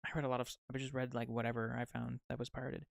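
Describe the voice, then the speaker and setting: A young man streaming while he draws, chatting casually in a rambling, excitable way full of fillers. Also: mid-range voice, racing, gravelly, dry recording, studio quality. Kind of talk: casual live-stream chat while drawing. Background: faint music.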